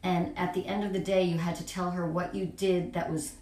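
A woman with a lowish voice recalls family memories in an easy chat, pausing and restarting as she goes. She sits back from the mic, and the room adds plenty of echo. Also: flat delivery, darkish tone, distant mic. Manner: reminiscing, halting with fillers. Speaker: family member sharing memories.

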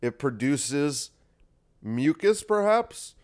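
A man's voice: fairly high pitch, very animated, extremely slow, darkish tone. Rambling, profane, congested male podcaster. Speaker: podcast host. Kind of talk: solo podcast monologue.

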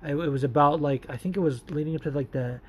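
A man's voice: fairly high pitch, fast talker, slightly rough. A man hosting a casual solo podcast, rambling and swearing, with lots of restarts and fillers. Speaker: podcast host. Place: Los Angeles area.

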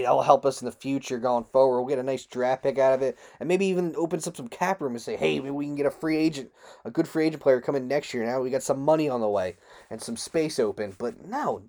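This man hosts a sports talk show alone and goes on a frustrated, meandering rant, cursing and letting his pitch leap suddenly upward. His voice has a darkish tone.

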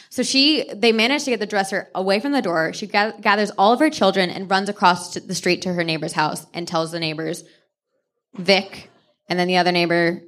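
Animated woman telling a story on stage. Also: medium pitch, a little fast. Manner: animated retelling, slips into character voices. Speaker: podcast co-host. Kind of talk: live comedic true-crime storytelling. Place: on stage before a live audience.

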